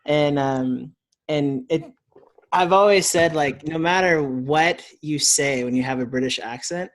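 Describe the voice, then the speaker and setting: Male co-host, a touch higher-pitched, animated and casual. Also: measured pace. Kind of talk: casual chat.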